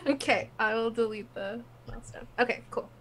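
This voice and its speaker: A woman's voice: a little high, brisk, a bit bright, a little hiss or hum, low-quality recording. A woman player in a tabletop game voice chat, chatty with frequent laughs and fillers. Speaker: player and artist.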